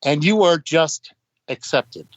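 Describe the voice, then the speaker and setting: An older man, a guest musician in a podcast studio, rambles through casual anecdotes and acts out what other people said. His voice is a little high, animated and slow, with no echo, and the audio sounds dull and dry.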